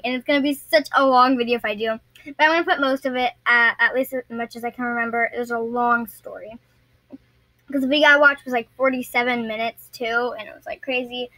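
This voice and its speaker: A woman's voice: high voice, bright, forceful tone, dry recording, rough recording. A young woman vlogger telling a story casually to her viewers, rambling and often stumbling and restarting her sentences.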